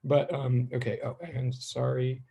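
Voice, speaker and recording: A man's voice: medium pitch, level tone, a little slow, creaky, mellow, husky. A man in his fifties, a physics teacher, chatting casually and rambling with his class as students join. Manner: rambling, chatty, self-deprecating.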